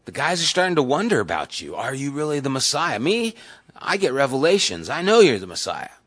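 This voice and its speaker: A man's voice: medium pitch, huge pitch swings, fairly quick, a bit bright. A man voicing a burly, earnest male fisherman disciple who pleads insistently. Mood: earnest pleading.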